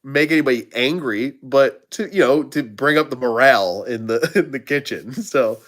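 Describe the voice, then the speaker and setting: A man's voice: mid-range voice, moderate pace, fairly bright tone. A middle-aged man, a channel host, telling restaurant stories in casual chat, laughing often and acting out the voices of the people in them.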